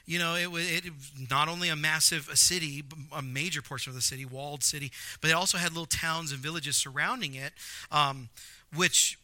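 A man preaching a sermon, animated, with jokey asides and emphatic repetition. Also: on the high side, fairly quick, dry recording. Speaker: pastor.

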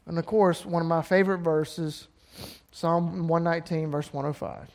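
High-voiced Southern preacher. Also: male voice, normal speed. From Alabama. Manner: impassioned, rising to emphatic peaks. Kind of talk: sermon.

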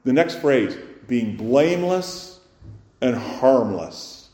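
A man preaching a sermon as pastor, firing rhetorical questions and swinging between loud emphasis and quiet, soft lines. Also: medium pitch, lively intonation, slow pace. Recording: roomy echo.

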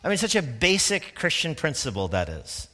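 Bright-voiced man preaching in a reverberant hall. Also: a little high, huge pitch swings. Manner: conversational preaching with quick asides and laughs. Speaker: pastor. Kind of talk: sermon.

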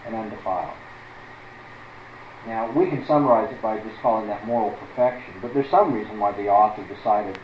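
A man's voice: medium pitch, a little mellow, roomy sound, a little hiss or hum, low-quality recording. A man teaching through a Bible passage as a preacher, stressing words one by one and putting questions to his listeners.

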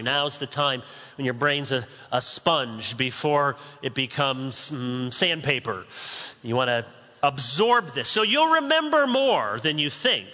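A man's voice: medium pitch, sharp tone. A man preaching a sermon as pastor, conversational with humorous asides, recorded in a large church sanctuary. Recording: long hall reverb.

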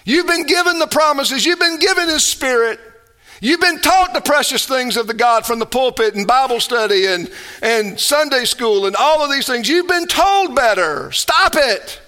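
A male pastor preaching a sermon, emphatic, moving between loud exhortation and quiet storytelling. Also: very high voice, lively intonation, moderate pace.

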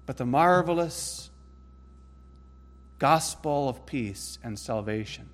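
A man preaching a sermon in an earnest way, rising to emphatic peaks and then dropping low and soft. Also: expressive, very slow, pauses often.

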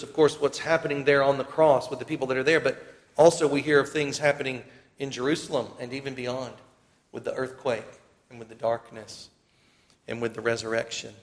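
A man's voice: medium pitch, fairly even intonation, brisk. Male pastor, sermon delivery, mid-range voice, scripture readings with rising emphasis, long reverb around him.

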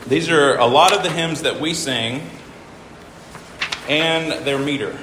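A man's voice: on the high side, slow pace, echoey room, in a large hall, background noise. A man teaching a class, patiently walking through examples and counting syllables aloud. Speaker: teacher explaining hymn meters. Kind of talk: informal classroom lecture.

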